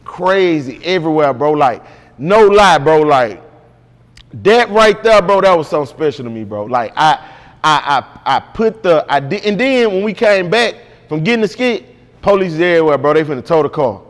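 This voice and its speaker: A man's voice: fairly high pitch, animated, normal speed, big-room sound. A man guest in an interview, telling a story casually and with animation, full of slang and repeated "bro".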